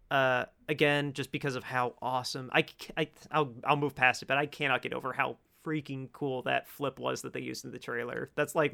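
A man in casual conversation about a film, enthusiastic and quick to laugh, with frequent exclamations. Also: mid-range voice, creaky, pushed and bright, clean tone. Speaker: podcast co-host.

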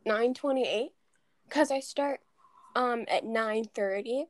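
High-pitched woman telling animated stories. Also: takes it slowly, dry recording. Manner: animated storytelling, quotes others in mimicking voices. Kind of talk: casual chat.

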